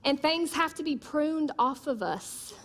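A woman delivers a sermon in a high, bright voice. She makes emphatic repeated declarations and mixes in humorous stories. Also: expressive, unhurried. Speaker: preacher.

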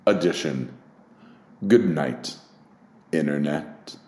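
A man hosting a casual solo podcast, talking in a rambling, profane, animated way with many fillers. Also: very deep voice, slow pace, roomy sound. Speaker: podcast host.

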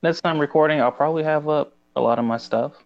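A man co-hosting a casual podcast, halting and stumbling over his words. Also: fairly high pitch, vocal fry, highs cut off. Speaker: podcast co-host. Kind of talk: casual chat.

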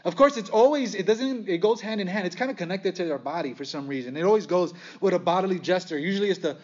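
A man preaching a sermon to a congregation, animated and full of rhetorical questions and sarcastic asides. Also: high voice, fast, muffled recording. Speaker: pastor.

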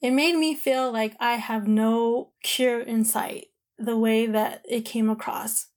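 A woman's voice: a little high, flat delivery, takes it slowly, darkish tone. A woman casually telling a personal story to camera, retelling conversations and talking with lots of "like" fillers.

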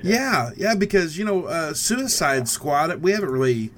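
Halting, stammering man in casual chat. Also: on the high side, sing-song, a little hiss or hum. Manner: halting, repeats words and stammers.

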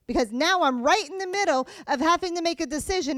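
A woman preaching a sermon. She is animated, acts out voices, and swings between soft and loud. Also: sits high, fast, few pauses, no room sound, clean studio sound.

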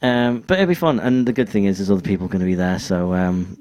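Low-voiced man rambling on a podcast. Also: a little mellow. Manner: rambling, halting with restarts. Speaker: podcast co-host. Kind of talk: casual chat.

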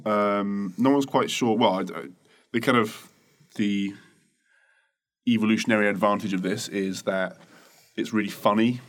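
A man's voice: on the low side, fairly even intonation, measured pace. A man co-hosting a casual podcast, rambling and joking crudely as he explains things into a desk mic. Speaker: podcast co-host. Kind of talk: casual chat. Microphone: desk microphone.

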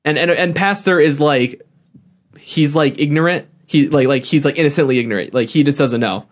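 A young man co-hosts a casual podcast, rambling along with plenty of fillers, restarts and frequent laughter. His voice is a little high and a little fast.

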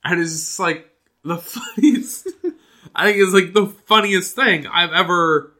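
Young man, very bright, sharp tone, animated rambling podcast storyteller. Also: sits high, normal speed. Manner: animated, rambling, laughs often. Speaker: podcast co-host. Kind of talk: casual storytelling chat.

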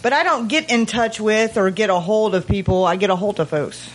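A woman's voice: mid-range voice, fairly quick, slight background noise, low-quality recording. A woman from Texas with a Texan accent, co-hosting a podcast in playful, mock-exasperated banter. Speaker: podcast co-host. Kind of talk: casual banter.

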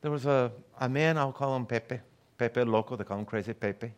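A middle-aged man with a medium-pitched voice preaches at a moderate pace as a visiting pastor. Through storytelling, he acts out the people he quotes.

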